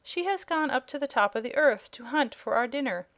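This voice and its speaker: A woman's voice: sits high, animated, brisk, a bit bright, pitched above the performer's own voice. Woman reading as a proud young dragonette. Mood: haughty polite. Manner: polite, regretful, slightly haughty. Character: proud young male dragonette, scaly and hungry. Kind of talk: audiobook character voice.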